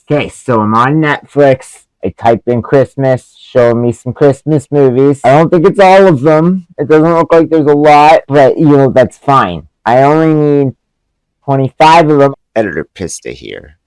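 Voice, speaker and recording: A man's voice: fairly high pitch, a little slow, a little mellow, clean tone, no room sound, poor audio. A man reviewing movies in a profane, sarcastic comedic rant. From Canada.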